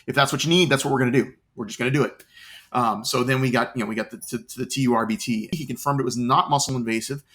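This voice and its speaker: Middle-aged Florida man, mid-pitched, earnest, stumbling restarts. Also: steady tone, quick pace, fairly bright tone. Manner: earnest, repeats words as he searches for them. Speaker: cancer patient interviewee. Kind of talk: interview storytelling.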